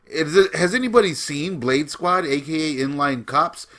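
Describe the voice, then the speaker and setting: A man's voice: a little high, normal speed, bright, forceful tone. A man giving casual film commentary with enthusiasm, often laughing as he talks. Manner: enthusiastic, laughs while talking.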